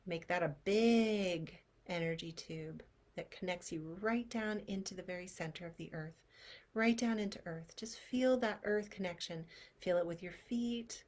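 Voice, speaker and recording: A woman with a low-pitched voice leads a guided energy-healing visualization. She talks in a chatty, expressive way and sometimes softens to near-whispers as she guides. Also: unhurried. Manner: expressive, chatty, drops to soft near-whispers when guiding. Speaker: clairvoyant energy-healing teacher.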